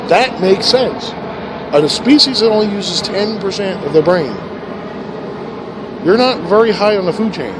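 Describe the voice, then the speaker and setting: A rambling, foul-mouthed man with a voice that sits a touch high for a man. He slides from low grumbles up to loud rants. He is recorded outdoors in a park, with passing cars and street noise clearly heard behind him. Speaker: vlogger. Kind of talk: rambling monologue. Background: passing cars and outdoor ambience.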